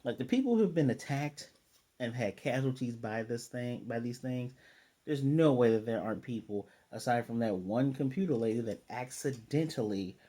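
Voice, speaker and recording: Mellow-voiced man ranting through a recap. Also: medium pitch, lively intonation, normal speed. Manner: rambling, exasperated commentary. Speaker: anime episode reviewer. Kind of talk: casual spoken episode recap and review.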